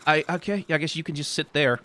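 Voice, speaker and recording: A man hosting a let's play, giving casual gameplay commentary with animated, joking asides. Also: fairly high pitch, very fast.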